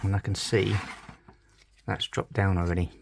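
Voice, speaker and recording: A British man with a fairly low voice talks through a fiddly toy repair. He mutters and half-whispers, cursing under his breath as he works, in a relaxed hobby-channel manner. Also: normal speed, vocal fry, noisy background. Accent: British English. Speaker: toy collector channel host. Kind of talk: casual commentary while repairing a toy.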